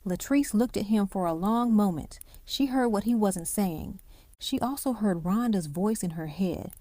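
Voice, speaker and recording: Female narrator for an audiobook drama, mid-pitched, very dry booth sound. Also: a little slow, dark tone, dry recording. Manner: acts out each character's lines in the story.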